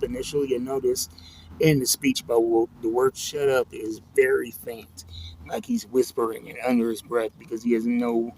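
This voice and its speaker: A man reviewing a comic book in a relaxed, reflective way, leaning on "you know" as he talks it through. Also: medium pitch, slight background noise, low-quality recording. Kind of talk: casual spoken review.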